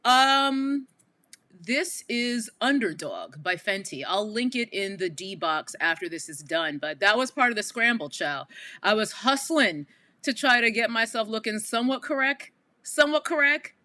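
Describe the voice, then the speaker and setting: A woman's voice: medium pitch, lively intonation, measured pace, bright, forceful tone, dry recording. A woman from Queens with a New York accent, hosting a casual livestream and chatting to viewers with lots of asides. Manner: chatty, addresses viewers as y'all, frequent asides. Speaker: livestream commentary host. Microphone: headphones with mic.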